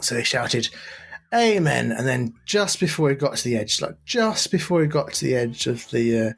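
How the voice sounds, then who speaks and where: A man's voice: mid-range voice, expressive, moderate pace, creaky, breathy edge. A man co-hosting a podcast, telling a long joke in a casual, rambling way with many fillers and restarts. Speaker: podcast co-host.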